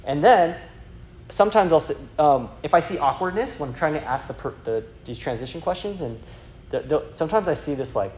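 A man's voice: on the high side, animated, a little fast, darkish tone, slight background noise. A man giving a chatty teaching talk on sharing faith, full of fillers and acted-out quotes from a personal story. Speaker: youth evangelism speaker.

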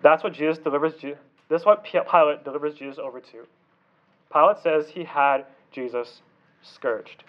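A man preaching a sermon with intensity, punching some words hard and letting his sentences drop to hushed, low endings. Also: normal speed, lo-fi sound. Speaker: pastor.

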